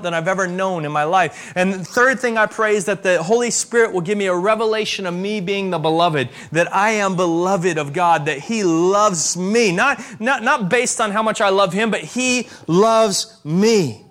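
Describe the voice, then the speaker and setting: Man preaching, high-pitched voice, emphatic, slows to stress repeated phrases. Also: fairly bright tone. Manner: preaching with emphatic rises and slow, stressed repetitions. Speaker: pastor. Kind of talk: sermon.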